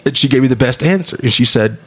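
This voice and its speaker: A man's voice: mid-range voice, fast, fairly bright tone, breathy edge. A man co-hosting a podcast in casual chat, rambling and opinionated, laughing often. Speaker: podcast co-host.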